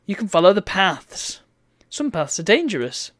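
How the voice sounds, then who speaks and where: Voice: mid-range voice, very animated, moderate pace, fairly bright tone, no room sound, clean studio sound. Wry streamer reading game text aloud. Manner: wry, bemused asides between read-out lines.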